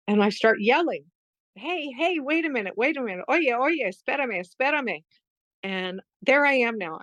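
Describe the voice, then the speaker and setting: A woman's voice: lowish voice, vocal fry, no room sound, rough recording. A middle-aged woman telling a heartfelt personal story as a podcast guest, earnest and emotional. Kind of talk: storytelling in a conversation.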